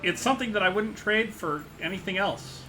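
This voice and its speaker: An earnest young man speaks his lines in a steady, sincere way, as a man reads for him. His voice is bright and slightly high for a man. It is a fan playthrough of a visual novel. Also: brisk, soft background music, low-quality recording. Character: earnest young male protagonist, a calm friend. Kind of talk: voice-acted game reading.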